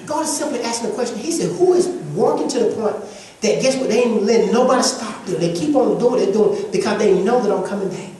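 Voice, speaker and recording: A woman's voice: on the high side, animated, quick pace, mellow, slight background noise. A woman preaching a sermon to a congregation, emphatic and repetitive, in a call-and-response style. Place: church sanctuary with congregation. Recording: echoey church hall from far off.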